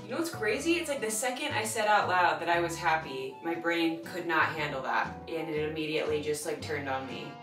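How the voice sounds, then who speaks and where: A woman's voice: deep voice, animated, fairly quick, hardly any pauses. A young adult woman vlogging at home, chatty and self-mocking, rambling with bubbly energy. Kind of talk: casual vlog monologue. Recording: echoey room with faint music.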